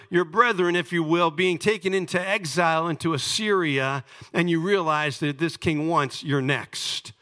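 Bright, lively-voiced male preacher. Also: high voice. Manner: dramatic storytelling, swings between loud emphasis and hushed asides. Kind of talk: sermon.

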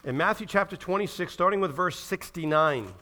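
A man's voice: sits high, fairly quick, bright, forceful tone. A man preaching a sermon to his church, asking the congregation questions. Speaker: pastor.

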